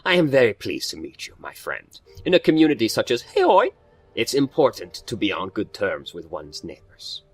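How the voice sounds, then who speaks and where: A man's voice: on the low side, wildly swooping pitch, moderate pace, breathy edge, heavily acted. A man voicing a cultured, courteous male engineer from a video game, speaking in a polite, pleasant way. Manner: polite and pleasant, read aloud.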